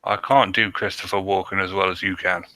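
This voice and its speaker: A man with a low, forceful, bright voice reads a story aloud in a steady, plain way. The sound is close and dry, with no room around it. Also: fairly quick, dry recording. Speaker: podcast co-host and story reader. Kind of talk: casual podcast chat and reading a story aloud.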